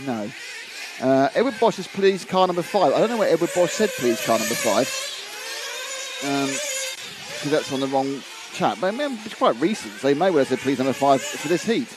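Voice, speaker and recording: A man's voice: medium pitch, sing-song, a little fast. Chatty male race commentator, noisy track. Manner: chatty and wry, reading viewer comments aloud; stumbles over names and restarts. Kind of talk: live race commentary on a stream.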